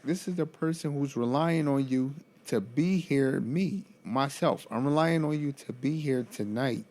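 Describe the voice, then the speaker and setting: A man who works as a motivational speaker tells a story in a casual vlog, animated and profane, laughing often and breaking into incredulous exclamations. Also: medium pitch, unhurried, hardly any pauses.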